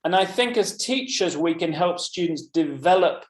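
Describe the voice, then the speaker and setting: A man presenting a live webinar for English teachers, explaining points in a measured way and picking up comments from the chat. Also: on the high side, lively intonation. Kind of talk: live teaching webinar, talking through slides. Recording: roomy echo.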